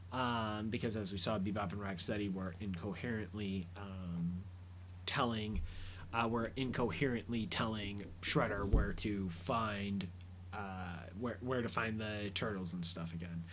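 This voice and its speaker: A man's voice: fairly low pitch, a bit bright, slight background noise. A man casually recapping a cartoon episode, rambling with lots of fillers and enthusiasm. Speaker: podcast commentator.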